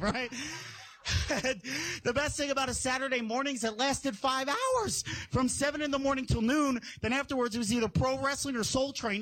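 Animated high-pitched male comic. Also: brisk. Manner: animated storytelling, jumps into squeaky high voices for quoted people. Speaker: stand-up comedian. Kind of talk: stand-up routine.

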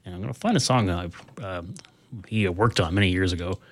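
A Canadian radio host with a low-pitched voice reads the weather and introduces songs in a casual, halting style. His delivery is full of filler sounds.

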